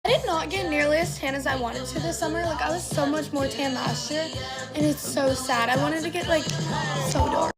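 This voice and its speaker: A teenage girl chats through her morning routine, dropping "like" into nearly every phrase. Her voice sits high. Loud pop music plays underneath her throughout. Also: a little fast. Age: teens. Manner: chatty, filler-heavy "like" talk. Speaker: vlogger. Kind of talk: get-ready-with-me chat.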